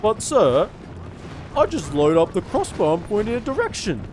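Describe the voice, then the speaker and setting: A man's voice: high voice, very animated, normal speed, a little mellow, a little hiss or hum, voice pushed up. A man doing a dim, whiny crossbow recruit. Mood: protesting. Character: dim-witted young male crossbow recruit. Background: game music.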